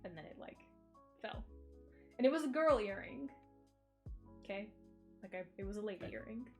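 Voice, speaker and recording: A woman's voice: medium pitch, lively intonation, a little fast, faint music behind. A woman streamer chatting casually, telling a story with frequent laughter. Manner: giggly storytelling, laughs often. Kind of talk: casual chat.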